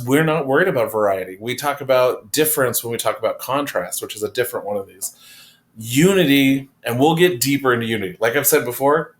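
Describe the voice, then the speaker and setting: Casual male art teacher lecturing. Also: mid-range voice. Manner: casual, conversational explaining with fillers. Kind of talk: classroom lecture. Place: classroom.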